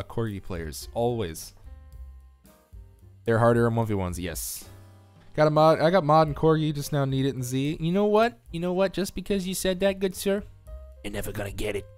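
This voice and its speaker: A tired man from the United States giving casual, joking live-stream commentary on a strategy game and reading chat aloud. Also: mid-range voice. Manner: chatty, reads chat aloud, joking asides.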